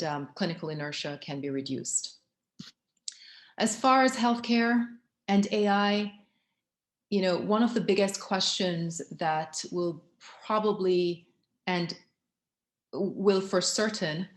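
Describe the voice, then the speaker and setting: Woman, conference talk, lowish voice, measured, lots of ums, echoey room. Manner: measured, with frequent ums and restarts. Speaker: conference speaker.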